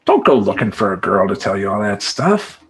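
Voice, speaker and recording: A man talking as a life coach in a motivational monologue, emphatic and animated, chanting affirmations in rhythmic repetition. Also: on the low side, normal speed.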